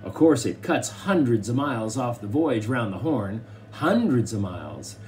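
A man doing a booming bearded sea captain. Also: very animated, normal speed, a little mellow, slight background noise, lightly acted. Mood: jovial. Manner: roaring, jovial.

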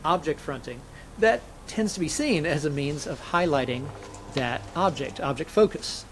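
A man's voice: fairly high pitch, lively intonation, normal speed, slight background noise, low-quality recording. A man, a scholar and interview guest, explaining grammar methodically and illustrating points with spoken examples.

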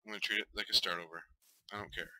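A man's voice: sits low, steady tone, racing, sharp tone, no room sound, rough recording. A man giving casual, self-talking commentary while playing a survival game, muttering and flaring up in frustration. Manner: talks to himself, mutters, flares up in frustration. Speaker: gamer streaming a survival game.

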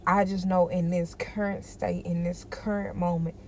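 A woman's voice: lowish voice, flat delivery, moderate pace, darkish tone, slight background noise. A tired woman in a personal vlog, talking emphatically and repeating herself to encourage herself. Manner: emphatic, repetitive, self-encouraging. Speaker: vlogger.

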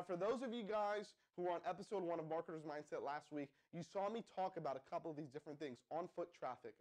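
A man's voice: on the high side, darkish tone. Pumped-up man hosting a live stream. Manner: pumped-up, addresses viewers as guys, asks the chat to respond. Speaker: livestream host. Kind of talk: hyped live-stream marketing pitch.

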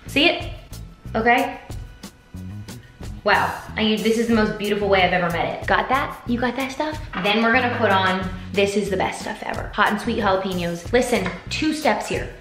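A bubbly woman walks through her breakfast recipe in a casual, slangy vlog chat. She sits at a middle pitch, and the kitchen around her rings with a roomy echo. Soft music plays faintly underneath. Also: moderate pace. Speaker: vlogger. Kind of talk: casual cooking demo chat. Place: home kitchen. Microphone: vlog camera.

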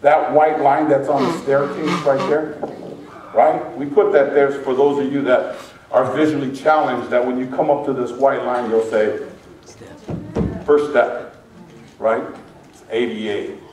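A man preaching as pastor to his congregation, lively and joking with the people in the pews. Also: mid-range voice, unhurried, pauses often, noisy background. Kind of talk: sermon. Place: large church sanctuary. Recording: echoey church from a distance.

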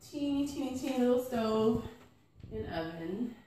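A woman's voice: on the high side, animated, normal speed, mellow, slight background noise. Distant woman in an echoey room. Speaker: travel companion. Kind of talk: casual chat. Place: small apartment.

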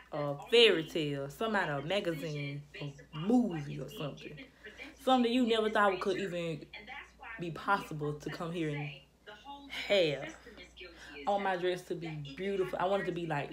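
A young woman chatting casually to camera as a vlogger, rambling and restarting often, and slightly out of breath. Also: fairly low pitch.

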